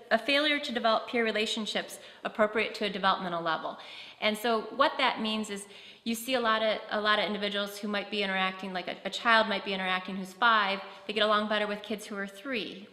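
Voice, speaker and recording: A woman's voice: mid-range voice, sharp tone. A woman giving a conference talk, conversational, with frequent fillers and restarts. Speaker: presenter on autism. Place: conference hall. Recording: echoey hall with long reverb.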